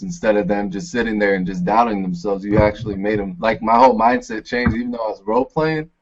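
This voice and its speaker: A man's voice: fairly low pitch, fast talker, hardly any pauses, highs cut off. A man taking part in a sales role-play, talking hesitantly with many fillers.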